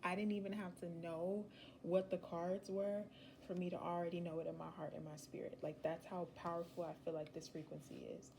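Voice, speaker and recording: A woman's voice: fairly low pitch, flat delivery, fairly quick, vocal fry, background noise. A young woman giving a casual, rambling tarot reading, chatty and slangy with emphatic asides. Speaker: tarot reader.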